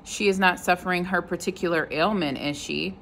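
Haughty stern mistress, curt and cutting, read by a low-voiced woman. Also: brisk, creaky, fairly bright tone, slight background noise. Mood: cold commanding. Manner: curt, snapping orders.

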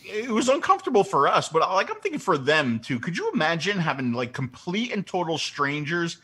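A man's voice: fairly high pitch, big pitch swings, fairly quick, sharp tone, husky. A man hosting a casual show, joking and teasing his co-host while walking through a giveaway. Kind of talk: casual chat and giveaway announcement.

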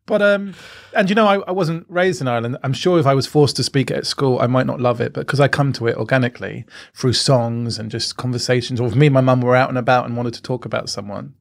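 A man's voice: medium pitch, quick pace, creaky, no room sound, clean studio sound. Cheeky laughing male comedian. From England. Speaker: comedian guest. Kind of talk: casual interview chat.

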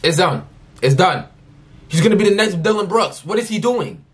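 A young man reacting live with a lively, animated voice that jumps all over. His voice sits fairly high, and he bursts into loud, mocking outbursts. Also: moderate pace, husky. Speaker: reaction video host.

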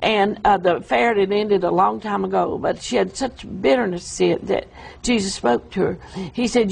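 A woman telling an emotional, halting account of a vision in an interview. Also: mid-range voice, vocal fry, a little mellow, slight background noise, rough recording. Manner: emotional, halting storytelling with restarts. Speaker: guest describing a vision. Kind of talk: earnest testimony in an interview.

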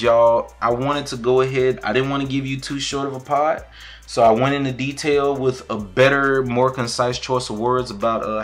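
A man hosting a podcast, wrapping up the episode in a loose, rambling, slangy way. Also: medium pitch. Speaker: podcast host. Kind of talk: casual podcast sign-off.

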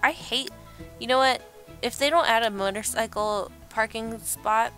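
Young female gamer, casual rambling commentary, mid-pitched, game music low behind. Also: steady tone, unhurried, a bit bright. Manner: chatty, rambling, self-deprecating, laughs often. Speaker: let's play gamer.

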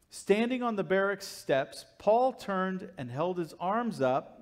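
A man preaching a sermon with a fairly high voice. He tells the story vividly and gives the characters quick lines. His delivery shifts from loud, emphatic passages to quiet, low asides. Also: lively intonation. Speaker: pastor.

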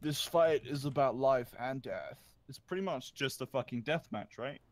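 A man's voice: mid-range voice, normal speed. A man in casual gaming chat, cracking goofy jokes and playing up his struggles with the game. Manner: goofy, loud wisecracks.

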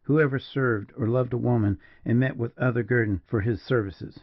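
A man's voice: mid-range voice, fairly even intonation, no room sound, close to an everyday voice. A man as a mournful frontier major. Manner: slow, mournful, measured. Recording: dull, dry lo-fi recording.

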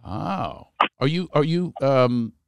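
A man's voice: mid-range voice, lively intonation, takes it slowly, clean tone, no echo. A middle-aged man from Philadelphia with a Philadelphia accent, hosting a podcast in a jokey, playful way and slipping into comic voices. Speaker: podcast host. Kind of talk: casual interview chat.

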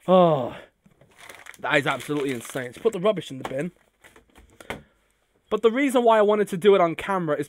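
Casting: vlogger, mid pitch, effusive and thankful, dry close sound. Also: no room sound. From United Kingdom. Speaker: YouTuber opening fan mail. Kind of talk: casual vlog talk to camera.

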